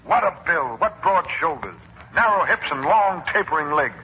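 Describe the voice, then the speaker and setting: A gushing, swooping tailor. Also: male voice, on the high side, sing-song, normal speed, breathy edge, exaggerated voice. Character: fussy flamboyant male tailor. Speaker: supporting actor. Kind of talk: 1940s radio comedy acting. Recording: muffled 1940s radio broadcast, hissy.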